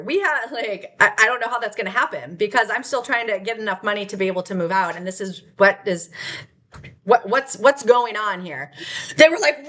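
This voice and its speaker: Brief: woman vlogger, raw confessional testimony, high voice that swings a lot, emotional and blunt. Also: lively intonation, a little fast, pushed and bright. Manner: emotional, candid, rambling, with frequent laughs and swearing. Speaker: vlogger sharing her life story. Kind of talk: raw unscripted personal testimony.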